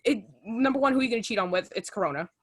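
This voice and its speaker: A young woman in her twenties co-hosting a podcast in casual chat, animated and full of fillers. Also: a little high, racing, breathy edge. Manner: chatty and animated, lots of fillers. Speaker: podcast co-host.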